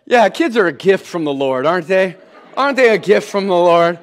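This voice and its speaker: A man in his thirties preaching a sermon in church, animated and comic as he acts out scenes with his kids. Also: sits high, moderate pace. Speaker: pastor.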